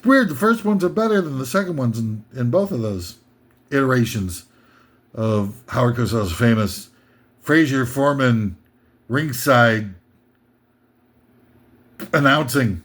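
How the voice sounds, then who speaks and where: An American man hosting a comedic top ten list, rambling and interrupting himself, now and then shouting out impressions. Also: mid-range voice, lively intonation, a little slow, pauses often, slightly rough.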